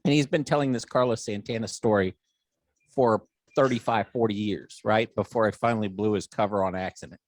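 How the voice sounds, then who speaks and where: A man's voice: lowish voice, fairly quick, dry recording. A middle-aged man hosting a podcast, telling a long funny family story in casual chat and acting out the voices of the people in it. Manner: animated storyteller, acts out quoted voices, swears freely. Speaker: podcast host.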